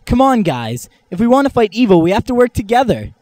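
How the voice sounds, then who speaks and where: A man's voice: high-pitched, sing-song, brisk, darkish tone. A teenage boy playing an earnest teen superhero in an amateur comedy sketch. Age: late teens.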